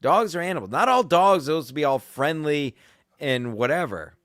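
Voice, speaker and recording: A man holds forth on a podcast in a loud, crude, combative way, swearing freely as he tells his story. His voice sits a little high for a man. The sound is dry and close, with no room around it. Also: lively intonation, fairly quick, dry recording. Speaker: podcast host. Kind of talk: casual ranting chat.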